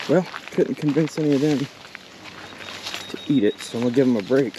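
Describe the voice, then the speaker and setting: A man vlogging as he fishes a creek outdoors, excitedly talking to the fish he catches. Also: medium pitch, brisk. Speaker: fishing vlogger. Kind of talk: casual outdoor commentary. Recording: outdoor camera audio with water noise. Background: running water and outdoor noise.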